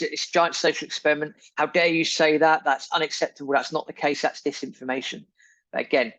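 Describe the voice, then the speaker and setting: A man's voice: mid-range voice, fairly bright tone, no room sound, dull audio. A man hosting a podcast, delivering an indignant, emphatic opinion monologue full of repeated phrases. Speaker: podcast host.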